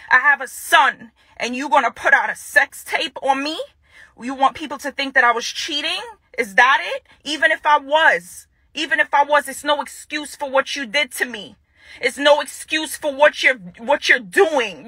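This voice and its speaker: Jamaican lady vlogging, fired up and repeating herself, bright sharp voice pitched a bit high. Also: no echo. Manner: confrontational, repeats her phrases for emphasis. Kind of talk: direct-to-camera vlog rant.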